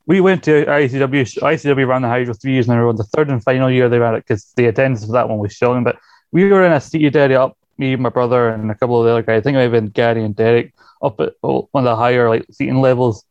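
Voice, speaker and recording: Fast-talking man, dull lo-fi sound. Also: mid-range voice, fairly even intonation, darkish tone, no room sound. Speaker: podcast co-host. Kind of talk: casual chat.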